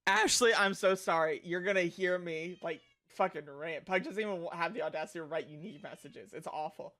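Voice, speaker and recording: A young man streaming a reaction video, ranting with lots of swearing and frequent shouting. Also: on the high side, fairly quick. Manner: loud, profane, frequently shouting.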